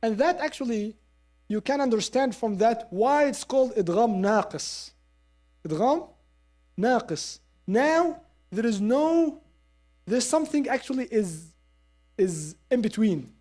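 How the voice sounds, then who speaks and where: A woman teaching Quran recitation in a lesson, explaining step by step and modelling the sounds slowly with repeats. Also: on the high side, expressive, mellow. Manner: explains step by step, asks listeners to agree. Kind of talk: classroom lesson.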